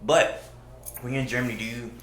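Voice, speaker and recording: A man's voice: mid-range voice, steady tone, fairly quick, fairly bright tone. A man hosting a casual podcast chat, joking and asking questions. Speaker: podcast host. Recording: echoey room.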